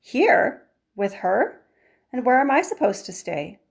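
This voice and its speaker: A woman's voice: medium pitch, expressive, normal speed, natural voice. A woman voicing a cynical young girl. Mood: alarmed. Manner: incredulous, exasperated.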